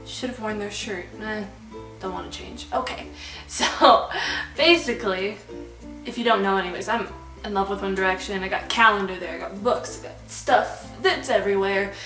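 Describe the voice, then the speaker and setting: Young woman vlogger, excitable and chatty; roomy, slightly distant sound with light background music. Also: mid-range voice, a little fast. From Alberta, Canada. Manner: bubbly, excitable, rambling with fillers. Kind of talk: storytime vlog. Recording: echoey room, slightly distant mic, soft background music. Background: soft background music.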